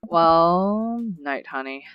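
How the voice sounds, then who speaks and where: A let's play host reads a game's narration aloud and keeps drifting into casual, rambling commentary. The voice sits at a medium pitch. The recording is slightly dull, with soft game music underneath. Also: animated, very slow, smooth. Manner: chatty, rambling asides with frequent laughs.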